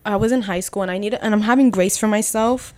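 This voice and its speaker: Young adult woman, podcast guest, animated storyteller, average pitch. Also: fast talker. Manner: animated storyteller, acts out quoted dialogue. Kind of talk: casual chat.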